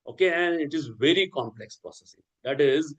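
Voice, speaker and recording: A man's voice: on the high side, a little fast, muffled recording. A man giving an academic lecture, talking in a discursive way with many fillers, restarts and a habitual "okay".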